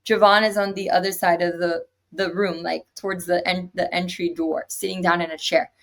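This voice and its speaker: A young adult woman, an interview guest, retelling a personal story in an animated way and acting out what others said. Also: fairly low pitch, moderate pace, gravelly. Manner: animated retelling with acted quotes.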